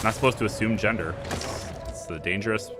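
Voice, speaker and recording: A man's voice: fairly low pitch, a little fast. A man streaming a game, chatting and joking as he thinks aloud through his moves. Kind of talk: casual let's-play commentary. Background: game music.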